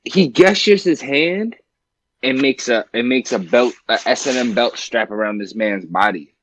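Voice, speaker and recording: A man co-hosting a podcast in casual chat, animated and slangy, laughing often as he talks. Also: mid-range voice, moderate pace, a little hiss or hum. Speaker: podcast co-host.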